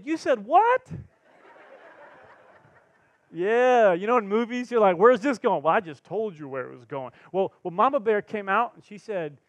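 A male pastor preaching a sermon, telling personal stories with lively, self-mocking humor and acted-out quotes. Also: high-pitched, no room sound. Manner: animated storyteller, acts out quotes, laughs at himself. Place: church sanctuary.

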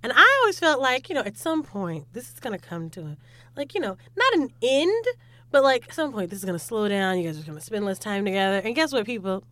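A woman's voice: medium pitch, very animated, quick pace, pushed and bright. A young woman co-hosting a casual chat, teasing her friend playfully and chiming in with laughter. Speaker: podcast co-host.

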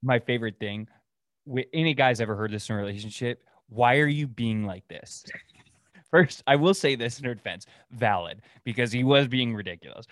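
A man's voice: medium pitch, animated, a little fast, a bit bright, dry recording, studio quality. A young man from Oregon hosting a solo podcast, ranting in a profane, rambling way and laughing at his own stories. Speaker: podcast host. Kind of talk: casual solo rant.

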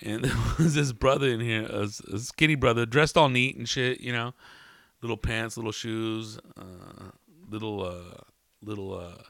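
A man's voice: fairly low pitch, moderate pace, gravelly, fairly bright tone, dry recording. A man from California hosting a podcast, telling comedic stories in a casual, profane, laid-back way. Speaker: podcast host. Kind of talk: comedic storytelling.

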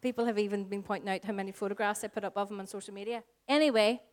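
A woman in her forties with a Northern Irish accent, preaching a sermon as pastor, earnest and shifting between slow emphatic lines and soft, hushed phrases. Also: mid-range voice, fairly even intonation. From Northern Ireland. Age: 40s. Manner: earnest, varies pace, drops to soft whispers for emphasis.

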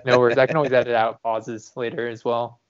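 A man's voice: medium pitch, flat delivery, fast talker, smooth. A man hosting a casual interview, asking loose, searching questions full of fillers. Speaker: podcast host. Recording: dull, muffled sound.

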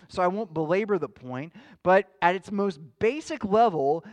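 A male pastor with a high-pitched voice preaches a sermon, earnest and measured like a teacher, posing questions to his listeners.

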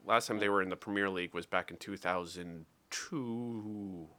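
A man co-hosting a podcast in relaxed, rambling chat, his voice bright and forceful and pitched a little low. He stumbles and restarts often. The sound is dry, close and direct. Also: moderate pace, no echo. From Wales. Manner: rambling, hesitant, with many restarts. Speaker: podcast co-host. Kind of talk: casual chat.

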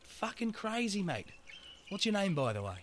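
A man's voice: high-pitched, sing-song, moderate pace, background noise, pitched above the performer's own voice. Man doing a foul-mouthed Aussie wombat. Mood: chatty. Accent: Australian. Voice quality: swearing, slangy, matey drawl. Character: foul-mouthed laid-back male wombat.

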